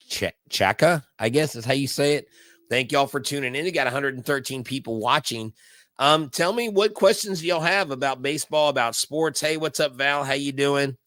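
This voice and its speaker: A man's voice: mid-range voice, pushed and bright, no echo. A man hosting a casual live baseball watch-along, telling stories in a rambling way full of fillers and restarts. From Houston area. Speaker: live stream host.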